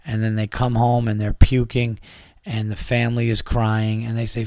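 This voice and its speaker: A man hosts a comedy podcast, ranting in an exasperated, rambling way and acting out the voices of people in his stories. His mid-range voice is monotone and a little mellow, at normal speed, with no room sound.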